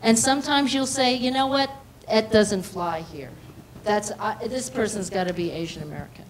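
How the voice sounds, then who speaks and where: Animated woman telling a story on a panel. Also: medium pitch, moderate pace, a little hiss or hum, rough recording. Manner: lively anecdotes, acting out quoted exchanges. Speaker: actress on a panel.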